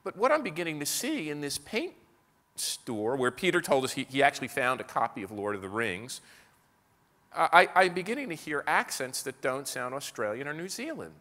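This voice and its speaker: A man's voice: a little high, sing-song, normal speed, pushed and bright. An American man giving a keynote talk to a live audience, telling a story with frequent restarts and repeated words. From United States. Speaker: keynote speaker. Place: large hall at an evening business event. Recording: live talk with long hall reverb.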